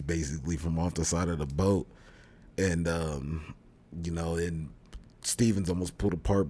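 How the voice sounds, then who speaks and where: Male co-host, very low husky voice, rambling conversational retelling. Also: a little mellow. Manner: rambling retelling with many fillers and restarts. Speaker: podcast co-host reviewing a TV show. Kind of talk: casual chat.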